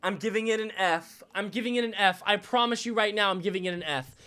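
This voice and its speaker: Young male streamer, high voice, excitable and swearing, repeats his lines. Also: fast talker, clean tone. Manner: excitable, repetitive, profane outbursts. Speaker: fantasy football streamer. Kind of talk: live draft reaction stream.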